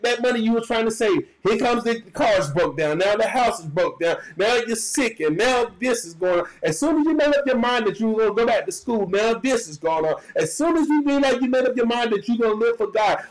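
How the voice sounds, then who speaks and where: High-voiced preacher in full sermon. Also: male voice, rough recording. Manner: preaching with call-and-response cries. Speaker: pastor.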